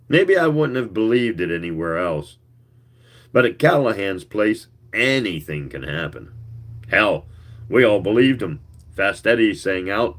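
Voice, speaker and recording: Slow, low-voiced man reading a story. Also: big pitch swings, a bit bright. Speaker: reader. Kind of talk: live reading of fiction.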